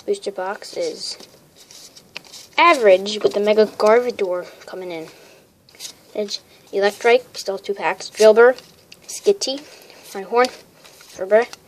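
A woman casually opening trading card packs, listing the cards and getting excited over good pulls. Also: medium pitch, slow pace, long pauses. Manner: excitable, lists card names. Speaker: card pack opener. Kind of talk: casual unboxing chat. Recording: crinkling wrappers and noise behind.

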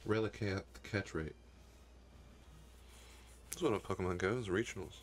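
With a low voice at a moderate pace, this young man curses his way through his own playthrough, sounding frustrated as a gaming YouTuber doing profane Let's Play commentary. A slight hiss or hum is audible in the recording.

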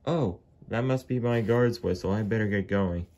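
A man's voice: fairly low pitch, normal speed, warm tone, lightly acted. A man doing a cheerful, confident toy diesel.

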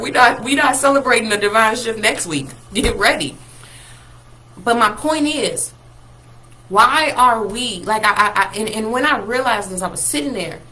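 Woman prophetic minister, high-ish bright voice, animated livestream preaching, calls viewers y'all. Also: measured pace, poor audio. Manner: animated, talks straight to viewers with y'all and laughs.

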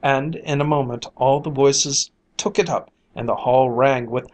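Storyteller for a fairy-tale reading; slow, lilting, unhurried. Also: medium pitch, steady tone, rough recording.

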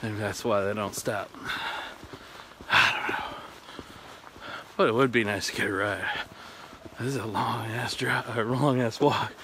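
A lowish, steady voice comes through unhurried, with long pauses and background noise. He's a Pacific Northwest vlogger rambling casually and cursing freely to viewers, first out in a snowstorm, then back home.

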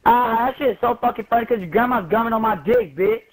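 A man's voice: very high-pitched, quick pace, low-quality recording. A man arguing with another player over online game voice chat through a gaming headset, snapping back with combative retorts. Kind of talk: heated voice chat.

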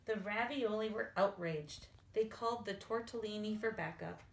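A woman teacher reading a children's picture book aloud in an expressive storytelling manner. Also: mid-range voice, normal speed. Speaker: elementary school teacher. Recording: echoey room, faint hiss.

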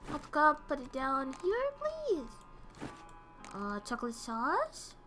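A woman streams a game with casual, excitable commentary, reading orders and game dialogue aloud and swearing when things go wrong. Her voice is high-pitched and unhurried, with music in the background.

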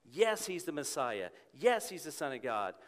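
A man preaching a sermon in church, earnest, rising to emphatic peaks and dropping to a soft hush. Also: on the high side, very animated, normal speed. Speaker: pastor. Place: church sanctuary with congregation. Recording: long hall reverb.

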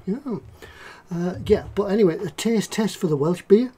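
A man's voice: sits high, moderate pace, mellow, slight background noise. A man hosting a casual livestream about model making, chatting in a rambling, jokey way. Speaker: livestream host, model maker.

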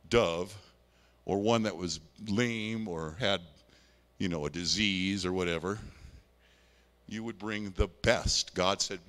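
A male pastor preaching with a lively, swinging pitch. He talks to the congregation in a folksy, conversational way, mixing scripture reading with homely asides. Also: big-room sound. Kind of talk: sermon.

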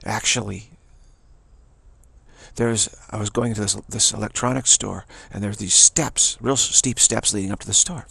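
A man giving a rambling spiritual talk, digressive and halting, restarting his sentences often. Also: fairly low pitch, fairly even intonation, creaky, bright, forceful tone, slightly rough, no room sound. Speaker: spiritual teacher. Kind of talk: rambling spoken monologue.

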